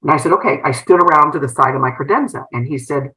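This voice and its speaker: A woman's voice: low voice, fast, hardly any pauses, pushed and bright, rough recording. A middle-aged woman, a former principal turned entrepreneur, earnestly telling a personal story in an interview with many fillers and restarts. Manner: earnest, emotional retelling with frequent fillers and restarts.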